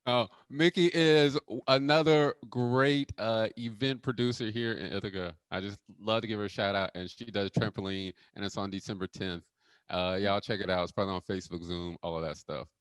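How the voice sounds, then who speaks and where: A man's voice: fairly low pitch, fairly even intonation, fairly quick, clear, resonant tone, no echo. A man who acts, chatting playfully and joking on a video call. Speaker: actor. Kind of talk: casual video call chat.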